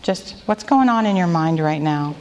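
Woman leading a devotional talk, soft and prayerful, lowish voice, lots of hall reverb. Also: animated, a little hiss or hum. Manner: gentle, slow and prayerful, stretching key phrases. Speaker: women's retreat speaker. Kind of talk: devotional talk with group responses.

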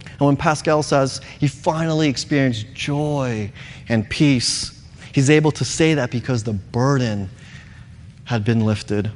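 A man's voice: mid-range voice, unhurried, in a large hall, a little hiss or hum. A male pastor preaching a sermon in an earnest, emphatic way, repeating key words.

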